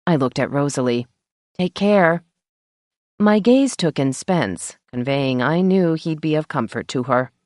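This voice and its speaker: A woman's voice: a bass voice, lively intonation, normal speed, few pauses, darkish tone, dry recording. A woman narrating an audiobook in first person, with a wry storytelling manner, on a close mic. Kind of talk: scripted narration.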